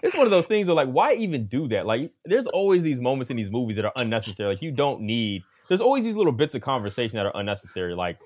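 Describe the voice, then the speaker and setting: A man hosting a casual film podcast, his voice swinging widely up and down as he talks. He acts out his own reactions in quick asides and keeps a loose, chatty rhythm. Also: medium pitch. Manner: animated, acts out quotes, frequent "like". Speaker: podcast host.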